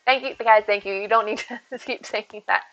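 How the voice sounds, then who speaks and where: A woman's voice: mid-range voice, fairly even intonation, normal speed, fairly bright tone. A woman live-streaming from home, chatting casually and upbeat with her viewers and thanking them as she plays. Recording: dull lo-fi stream audio.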